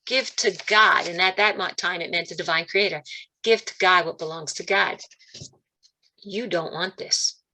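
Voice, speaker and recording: A woman giving a spiritual talk over a video call, telling stories and acting out quoted voices with big jumps in pitch. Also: steady tone, normal speed, bright, forceful tone. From Italian-American, Calabrese roots. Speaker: guest speaker.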